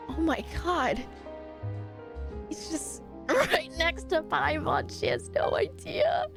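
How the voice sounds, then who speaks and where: Excitable woman gamer, squeaky high pitch, drawn-out delivery, shrieky reactions over game music. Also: gravelly. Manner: excitable, shrieking and laughing at the screen. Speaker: streamer. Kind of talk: live gameplay stream commentary. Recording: game music playing behind. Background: game soundtrack.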